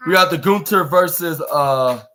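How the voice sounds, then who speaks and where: Male podcast host, slightly high voice, casual rambling recap with lots of "uh"s and restarts. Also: normal speed, sharp tone. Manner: rambling, frequent fillers and restarts. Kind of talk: casual wrestling show recap.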